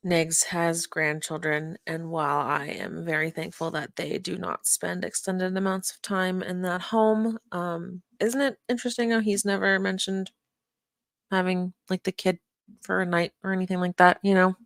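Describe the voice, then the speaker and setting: A woman's voice: on the low side, flat delivery, moderate pace, creaky, no room sound, studio quality. A woman streamer giving sarcastic, pointed reaction commentary on a livestream.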